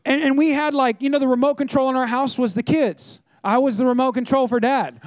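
A man's voice: very high-pitched, fairly even intonation, fairly quick, no room sound, clean studio sound. A middle-aged man preaching a conversational sermon, telling stories and talking straight to the congregation. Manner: chatty storytelling, addresses the audience directly. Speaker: pastor.

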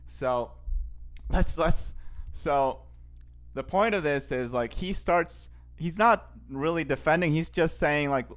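A man's voice: on the high side, slow pace, fairly bright tone. A man hosting a podcast, talking casually into a microphone in rambling fashion, with many restarts and easy laughter. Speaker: podcast host.

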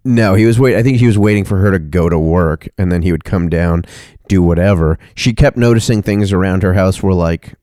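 A man's voice: low voice, a little fast, hardly any pauses, mellow, dry recording, clean studio sound. A man in casual comedic chat, retelling an odd news story with loose, wry asides. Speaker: co-host.

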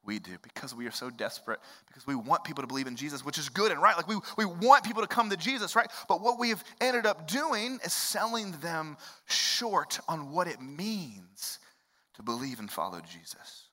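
Bright-voiced male pastor preaching in a hall. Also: on the high side. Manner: animated, conversational preaching with quick asides. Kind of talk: sermon. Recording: long hall reverb.

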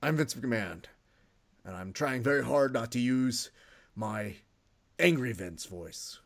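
A man putting on the voice of a pompous, gruff older male wrestling boss, talking slowly. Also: medium pitch, lively intonation, a bit bright, exaggerated voice. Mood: mock-gruff.

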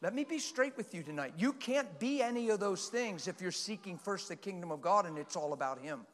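A preacher delivers a passionate, animated sermon in a high, ringing voice, talking a little fast. He swings between quiet asides and sudden loud bursts, while a long reverb from a large hall trails each phrase.

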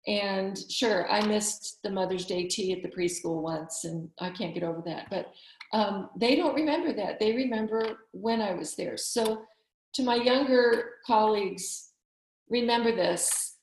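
Fifties woman doctor, emphatic and warm-hearted advice, roomy echoey sound. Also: mid-range voice, measured pace. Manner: earnest, encouraging, emphatic. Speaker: physician, summit speaker. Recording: roomy echo.

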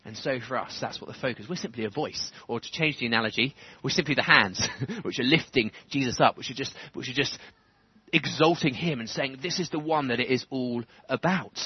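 A man preaching a sermon in church, animated, chuckling often and building to fervent emphasis. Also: mid-range voice, a little fast, slightly rough, no echo. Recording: dull lo-fi church recording.

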